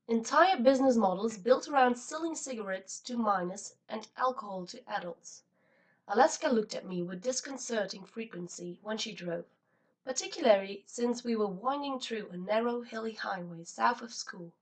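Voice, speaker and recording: A woman reading a novel aloud as an audiobook narrator, in an expressive, steady style. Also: fairly high pitch, normal speed, distant mic, rough recording. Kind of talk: scripted narration.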